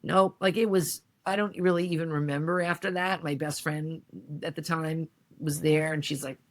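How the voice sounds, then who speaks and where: Speaking at a normal speed in a low-pitched voice, a middle-aged woman shares a heartfelt personal story on a podcast. She tells it with animation and imitates the voices of the people involved.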